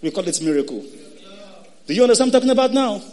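A male pastor preaching a sermon, calling on the congregation for responses and breaking into shouted exhortations. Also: sits high, very animated, rapid-fire.

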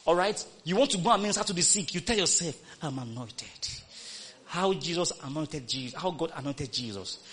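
A man preaching a sermon, repeating phrases and swinging from loud calls to hushed, quoted scripture. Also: a little high, quick pace, hardly any pauses, slightly rough.

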